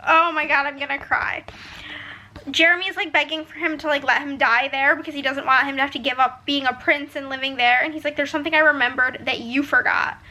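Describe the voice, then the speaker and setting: A woman's voice: high-pitched, fairly even intonation, brisk, pushed and bright, poor audio. A young woman book vlogger reading passages aloud and reacting emotionally in a casual vlog. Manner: emotional, gushing, reads quotes then reacts.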